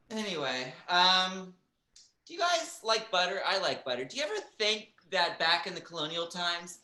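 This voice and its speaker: A stand-up comedian doing a halting, filler-heavy set with giggles between jokes on a small theater stage. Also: medium pitch, bright, forceful tone, roomy sound.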